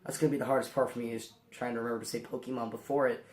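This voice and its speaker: A man hosting a casual movie review vlog, hoarse from a cold, rambling with lots of ums and restarts. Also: mid-range voice, little pitch movement, very fast, roomy sound.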